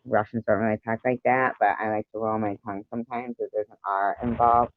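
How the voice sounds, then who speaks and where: A man's voice: on the low side, flat delivery, brisk. A man hosting a livestream, chatting casually and playfully with his viewers, greeting them one by one. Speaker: livestream host. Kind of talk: casual chat with live viewers. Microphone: phone. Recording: dull lo-fi audio.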